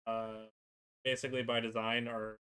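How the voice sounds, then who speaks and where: Halting man explaining casually. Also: medium pitch, flat delivery, pushed and bright, clear, resonant tone. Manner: halting, filler-heavy explaining. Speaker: co-host. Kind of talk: casual chat on a live stream.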